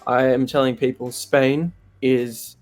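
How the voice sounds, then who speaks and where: A young man with an Australian accent, talking openly and with feeling in an interview, animated and laughing easily. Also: medium pitch, takes it slowly, soft background music. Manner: candid, animated, laughs often. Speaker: interviewee, singer. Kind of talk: open, emotional interview chat.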